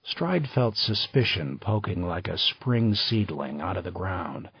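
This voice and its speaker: A man reading audiobook narration in an even, measured way. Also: sits low, husky, dry recording. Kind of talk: scripted narration. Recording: slightly dull dry recording.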